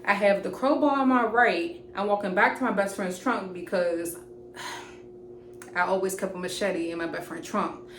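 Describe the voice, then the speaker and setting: A young woman, casually telling an animated, profane storytime to camera. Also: medium pitch, moderate pace. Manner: animated, profane, jumps into quoted voices. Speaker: storytime vlogger. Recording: roomy echoey room with faint hiss.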